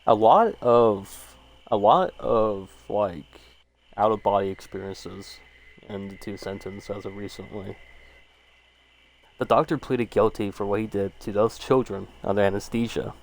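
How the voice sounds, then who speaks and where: A man's voice: fairly low pitch, unhurried, gravelly. A man casually reading short horror stories aloud and rambling about each one, with lots of fillers and swearing. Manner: rambling, laid-back, swears, frequent fillers.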